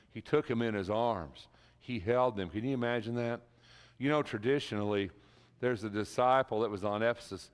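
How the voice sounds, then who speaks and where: A man's voice: lowish voice, smooth. A man preaching a sermon in a church, talking with emphasis and building to impassioned peaks. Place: church sanctuary. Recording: reverberant church hall.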